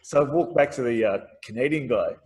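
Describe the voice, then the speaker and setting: With a medium-pitched voice and a fairly quick delivery, this male podcast host chats through a story and performs the voices of its characters with animation. There's a little hiss or hum, plus a long hall reverb on the recording.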